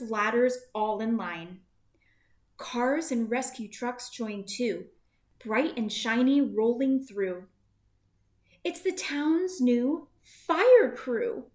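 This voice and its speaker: Brief: gentle woman reader for a rhyming bedtime book, slightly high voice. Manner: gentle, sing-song rhyming cadence. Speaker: storybook reader. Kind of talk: reading a rhyming picture book aloud. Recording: roomy echo.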